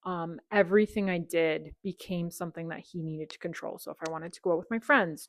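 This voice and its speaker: A woman in her thirties tells her own story on a podcast, animated and candid, slipping into the voices of the people she quotes. Her voice sits on the low side for a woman, and the close mic gives a dry, roomless sound. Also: fairly quick, few pauses, dry recording. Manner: animated, acts out quoted dialogue, frequent "like". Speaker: podcast guest.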